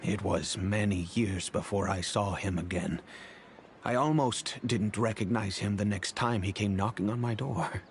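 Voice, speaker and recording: A man voicing a wealthy, kindly middle-aged father in game cutscene dialogue, telling the past in a measured, reflective way. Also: lowish voice, slight background noise. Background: game music.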